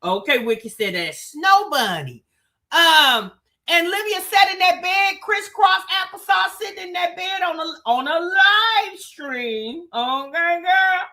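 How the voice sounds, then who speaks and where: High bright woman doing gossip commentary on a livestream, aave, chatting right at her viewers, super animated. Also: slow pace. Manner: animated, talks straight to the chat with "baby" and "child". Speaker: commentary show host.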